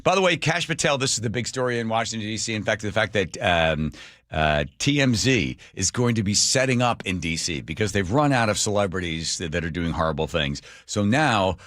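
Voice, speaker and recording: A man's voice: lowish voice, brisk, no room sound, clean studio sound. A man hosting a radio talk show, chatting casually in a wry, joking way. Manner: wry, joking, animated storyteller. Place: radio studio.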